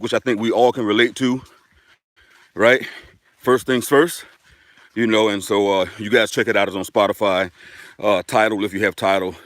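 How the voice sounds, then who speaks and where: Man, low voice, upbeat chatty live-stream host talking on a walk, dry close sound. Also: a bit bright, no echo. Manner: upbeat, chatty, addresses viewers directly. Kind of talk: casual live-stream chat while walking. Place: outdoors on a dirt road.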